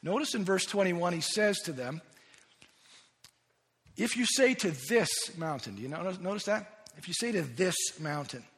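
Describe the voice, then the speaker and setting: A man with a high voice delivers a sermon, earnest and emphatic, stumbling over and repeating words as he builds his point. His voice rings with the long reverb of a big hall. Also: expressive, moderate pace, a bit bright. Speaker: pastor.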